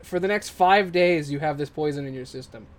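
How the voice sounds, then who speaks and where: A man's voice: on the high side, brisk. A man running a tabletop game as game master, narrating casually with swearing and fillers.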